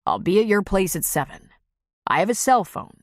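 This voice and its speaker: A woman's voice: medium pitch, expressive, moderate pace, no echo, lightly acted. Woman reading as stern doctor guy, short clipped lines, dry close voice. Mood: curt. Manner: clipped, firm. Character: curt, stern male doctor.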